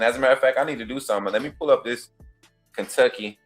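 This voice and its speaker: A man's voice: mid-range voice, fast talker. A man talks sports, voice in a middle register. He rambles, restarts his sentences and trash-talks with a laugh in his voice. Faint music plays underneath. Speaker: host of a football call-in show. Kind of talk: casual sports talk.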